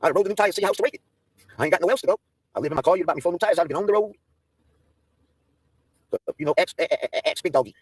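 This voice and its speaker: A man's voice: a little high, breathy edge, dry recording. A man hosting a livestream, ranting in a profane, confrontational way that keeps restarting and repeating itself. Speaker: livestream host. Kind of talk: heated livestream rant.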